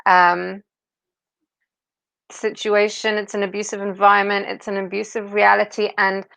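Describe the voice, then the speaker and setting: A woman hosting an interview, affirming her guest warmly and repeating words as she thinks aloud. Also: medium pitch, little pitch movement, moderate pace, creaky, clean tone, no echo. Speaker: podcast host. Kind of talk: interview conversation.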